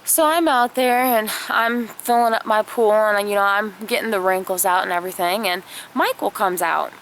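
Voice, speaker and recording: A woman's voice: medium pitch, normal speed, a bit bright, slight background noise. A woman vlogger telling a family story in a chatty, casual way, full of fillers and acted-out quotes.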